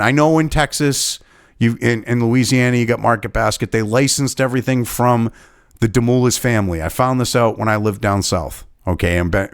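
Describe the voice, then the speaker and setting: A man's voice: lowish voice, no room sound, clean studio sound. A man from New Hampshire giving angry, sarcastic, profanity-laden political commentary.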